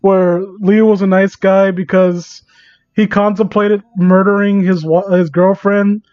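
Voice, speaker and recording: High-voiced man mocking fan fiction. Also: little pitch movement, unhurried, smooth, no room sound. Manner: incredulous and sarcastic, laughing often. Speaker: comedy reader of fan fiction. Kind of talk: mocking dramatic reading. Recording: dull dry home mic.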